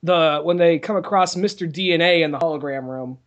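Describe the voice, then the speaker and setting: High-voiced, easygoing man co-host. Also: fairly quick, lo-fi sound. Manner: easygoing, laughing, profane. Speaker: podcast co-host. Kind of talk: casual chat.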